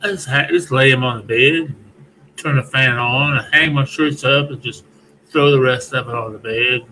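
A man with a bright, mid-pitched voice talks in a plain, halting way, poking fun at himself. It is casual morning-show chat. A faint hiss sits beneath. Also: poor audio. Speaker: radio show co-host.

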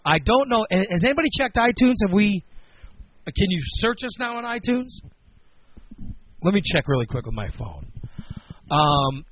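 A man in his forties with a Midwestern American accent, hosting a casual radio chat and rambling through his opinions. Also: high voice. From Chicago, United States. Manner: rambling, opinionated, talks through thoughts aloud. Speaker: radio show host. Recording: dull lo-fi radio recording.

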